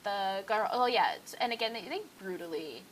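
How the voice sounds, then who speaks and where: A woman's voice: medium pitch, animated, normal speed, slight background noise, poor audio. A young woman co-hosting a casual podcast, rambling loosely with plenty of fillers, restarts and swearing. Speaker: podcast co-host. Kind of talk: casual chat.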